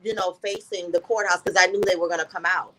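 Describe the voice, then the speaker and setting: A woman's voice: fairly low pitch, fairly even intonation, fast talker, fairly bright tone, low-quality recording. A woman guest in an interview, earnestly telling a personal story and often repeating "I said" as she recounts conversations.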